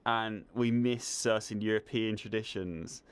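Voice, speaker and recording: A man's voice: on the low side, unhurried, clear, resonant tone. Enthusiastic young Southern English man. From England. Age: young adult. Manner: enthusiastic, animated storyteller. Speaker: guest, film student. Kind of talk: casual interview chat.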